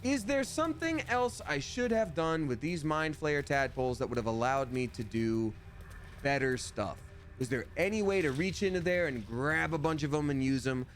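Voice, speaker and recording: A man with a fairly high, very lively voice chats his way through a game stream, reacting and reading viewer messages with playful put-on voices. A faint hum of room noise sits behind him. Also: moderate pace. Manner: animated, reads chat aloud with playful voices. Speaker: streamer playing a video game. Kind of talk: casual live-stream chatter.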